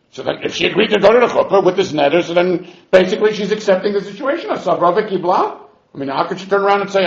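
A man teaching a Talmud class, arguing both sides of the question in quoted voices. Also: a little high. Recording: echoey room, dull lo-fi sound.

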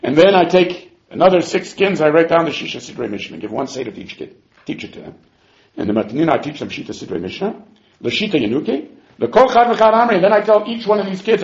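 A man teaching a Talmud class, animated and given to acting out the quotes. His voice is fairly high and swoops through a wide range. The recording sounds dull and lo-fi. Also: fast, gravelly. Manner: animated, acts out quotes, chuckles. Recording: muffled lo-fi recording.

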